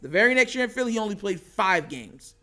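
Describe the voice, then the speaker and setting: A man hosting a casual sports commentary show, excitable and animated, laughing often. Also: sits high, fast talker.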